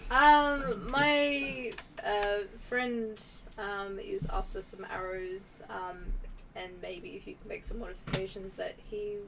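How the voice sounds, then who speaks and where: A woman's voice: medium pitch, fairly even intonation, slow, creaky, distant mic, poor audio. A woman playing a tabletop game, giggly and hesitant as she talks. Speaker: player. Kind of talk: casual tabletop play.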